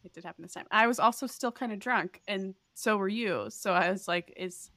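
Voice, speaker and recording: Animated storytelling woman, dry close mic. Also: fairly quick, no room sound. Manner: animated storyteller, acts out voices with big pitch jumps. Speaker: podcast co-host. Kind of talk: casual chat, storytelling.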